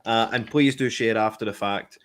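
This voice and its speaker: A man's voice: fairly low pitch, fairly even intonation, normal speed, a bit bright. A man co-hosting a podcast, speaking sarcastically. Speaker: podcast co-host. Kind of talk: casual livestream chat.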